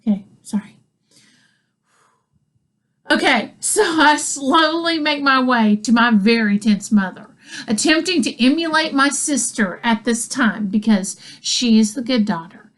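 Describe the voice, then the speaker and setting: A woman's voice: high-pitched, a little slow, fairly bright tone. A woman telling a comic story, rambling with asides and chuckling between lines. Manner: rambling, self-interrupting with asides. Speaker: comedian. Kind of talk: comedic storytelling.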